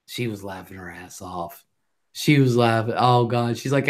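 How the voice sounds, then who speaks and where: A woman hosting a casual live chat, telling brash, loud stories with lots of laughing. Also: extremely low pitch, moderate pace. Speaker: livestream host.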